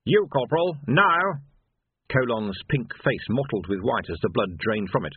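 A man reading a novel aloud as narrator, wry and measured, on a thin, phone-like recording. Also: on the low side, expressive, slightly rough, no room sound. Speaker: audiobook narrator. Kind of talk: scripted narration. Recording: dry phone-like lo-fi sound.

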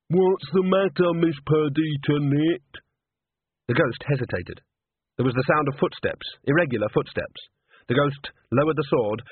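A man reading a novel aloud in a lively, expressive narration. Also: mid-range voice, breathy edge, no echo. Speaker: audiobook narrator. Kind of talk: scripted narration. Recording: dry, tinny phone-like sound.

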